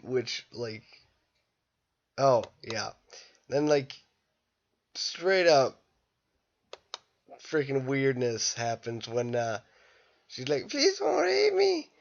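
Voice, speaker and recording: A tired young man rambling through a casual, irreverent movie review late at night, breaking into loud bursts when quoting scenes. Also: medium pitch. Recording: dull lo-fi home recording.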